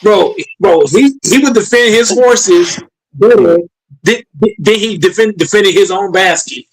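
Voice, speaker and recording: High-voiced young man trash-talking sports. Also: unhurried, slightly rough, low-quality recording. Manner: animated, laughing, profane trash talk. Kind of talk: casual sports banter.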